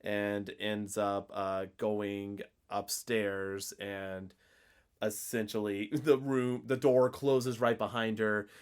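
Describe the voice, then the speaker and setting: A man's voice: on the low side, little pitch movement, slow, smooth. A man co-hosting a podcast, casually recapping a horror film in a rambling way with lots of filler words. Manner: rambling, leans on fillers like essentially and basically. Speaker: podcast co-host.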